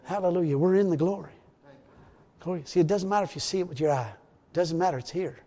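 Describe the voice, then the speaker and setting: Folksy preacher in a reverberant church. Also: male voice, sits high, fast, dark tone. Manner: rambling, repetitive, folksy preaching with frequent hallelujahs. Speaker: pastor. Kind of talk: sermon.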